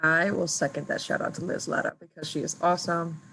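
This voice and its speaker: A woman's voice: deep voice, steady tone, fairly quick, creaky, a bit bright, husky, poor audio. A woman hosting a virtual graduation reception, chatty and upbeat as she introduces each speaker over a video call. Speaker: event host.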